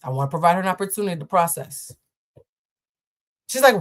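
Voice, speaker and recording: A woman hosting a live show, telling a story in an animated way and deliberately slowing down. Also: fairly low pitch. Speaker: host.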